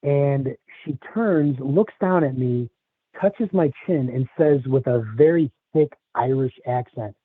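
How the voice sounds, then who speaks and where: A man from the Chicago area telling a personal story in a halting, casual way, with many restarts. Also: medium pitch, husky, dry recording. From Chicago area, USA. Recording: tinny phone line, dry.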